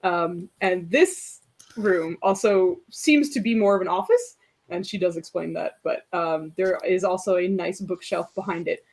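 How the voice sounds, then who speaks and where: A woman's voice: fairly low pitch, unhurried, darkish tone. A woman narrating as game master for a tabletop game, rambling with many fillers and laughing easily.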